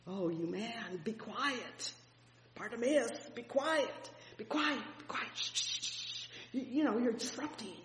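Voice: medium pitch, a little slow, fairly bright tone, slight background noise, close to an everyday voice. A preacher acting out annoyed bystanders, scolding, shushing, exasperated, roomy hall echo. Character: annoyed crowd hushing a blind beggar. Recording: echoey hall reverb.

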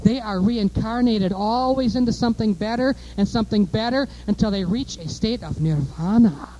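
A man preaching a fiery sermon, emphatic and repetitive, moving between offhand asides and loud declarations. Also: high voice, normal speed, muffled recording.

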